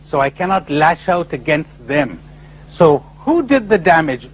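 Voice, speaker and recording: A man giving a spiritual talk to a live audience, animated and full of rhetorical questions, often acting out other people's replies. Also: on the high side, unhurried, dull audio. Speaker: spiritual speaker. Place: lecture before a live audience.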